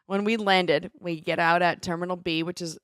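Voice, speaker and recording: A woman's voice: lowish voice, fairly even intonation, moderate pace, a bit bright, clean tone, dry recording, studio quality. A woman co-hosting a casual chat podcast, telling stories and teasing playfully. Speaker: podcast co-host.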